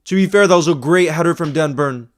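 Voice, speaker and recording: Talking fast, a man hosting a fan channel rants in exasperation while he watches a football match live. He keeps repeating himself and restarting with a stammer, lurching from loud outbursts to quiet muttering.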